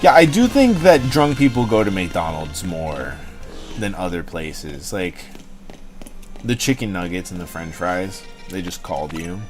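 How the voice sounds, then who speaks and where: A man's voice: low-pitched, lively intonation, unhurried, music in the background. Rambling, joking young man streamer. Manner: rambling, joking, swears freely. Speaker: livestream host. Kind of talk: casual chat to stream chat.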